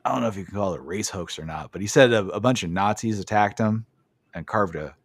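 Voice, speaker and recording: Talking fast in a lowish voice, this man recaps a wrestling match on his podcast. He curses freely and doesn't hold back his opinions. There's no echo.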